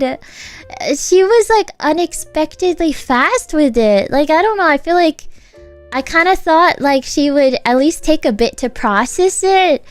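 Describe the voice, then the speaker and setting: A woman's voice: high-pitched, expressive, a little slow. A woman streamer chatting casually and telling a rambling story, giggling often between sentences. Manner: rambling storytelling with many fillers. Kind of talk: casual chat on a livestream.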